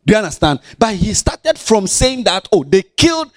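Speaking with a Ghanaian accent, a man gives a lively Bible lesson to children in a high voice that constantly swoops up and down. He is very animated, sing-song and playful, teasing his listeners at a normal speed, and the sound is close and dry with no room sound.

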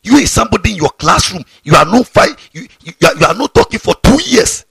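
A male pastor preaches a scolding sermon, his raspy, breathy voice swinging widely in pitch. He sits a bit high for a man and repeats phrases for emphasis. The sound is dry, with no room echo. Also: sing-song, fast, a bit bright. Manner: fiery, scolding, repeats himself. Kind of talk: sermon to students.

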